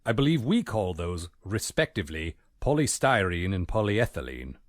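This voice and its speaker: A prim, formal butler. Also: male voice, deep voice, sing-song, moderate pace, no echo. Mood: dry. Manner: dry, formal, polite. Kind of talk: video game voice acting.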